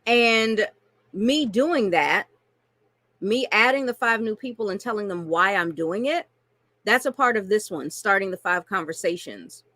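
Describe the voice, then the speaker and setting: A woman's voice: medium pitch, lively intonation, measured pace, sharp tone, dry recording. A woman coaching online marketers through a screen-share tutorial, chatty and casual, often checking in with "right?" and "okay?".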